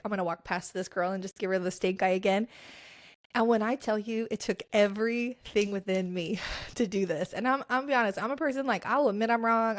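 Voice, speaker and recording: A young woman at a mid pitch tells a personal story on her podcast. She talks in a chatty, lively way, full of fillers, and acts out the people she quotes in their own voices. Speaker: podcast host.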